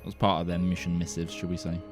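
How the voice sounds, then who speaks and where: A man's voice: sits low, monotone, fast talker, soft background music. A man running a tabletop game as game master, laughing often as he narrates.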